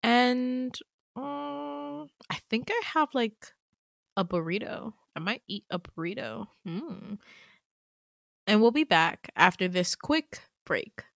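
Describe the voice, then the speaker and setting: A young woman hosting a podcast, retelling her dream in casual chat, full of "like" and quick laughs. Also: fairly high pitch, animated, creaky, a bit bright, no room sound, clean studio sound. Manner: chatty, full of "like", laughs often. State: tearful, emotional. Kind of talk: casual storytelling.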